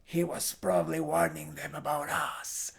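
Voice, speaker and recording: A man voicing an uneasy adventurer in a tabletop game, speaking in a hushed, breathy way. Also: on the high side, big pitch swings, measured pace, exaggerated voice. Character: uneasy adventurer, quiet and worried.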